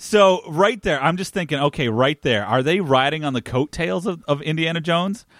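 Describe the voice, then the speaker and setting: A man's voice: a little high, expressive, moderate pace, no room sound, clean studio sound. A man co-hosting a podcast, talking through a TV episode's plot in casual chat and questioning it. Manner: analytical, talks things through. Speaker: podcast co-host.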